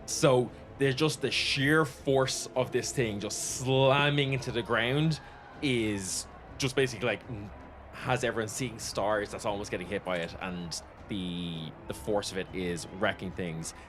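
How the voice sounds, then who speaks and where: A man narrating as game master, relaxed and rambling with fillers. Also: lowish voice, unhurried, noisy background.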